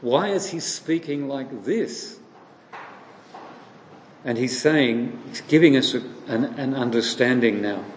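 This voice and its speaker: A man preaching a sermon slowly and deliberately, posing questions to his listeners and answering them himself. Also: medium pitch. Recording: echoey hall with long reverb, faint noise.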